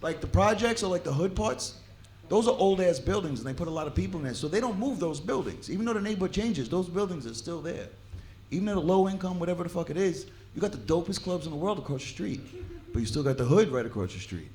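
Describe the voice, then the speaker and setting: A man doing profane, animated stand-up crowd work on a club stage. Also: high voice, fast talker. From New York. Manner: brash, profane, animated banter with audience. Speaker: stand-up comedian.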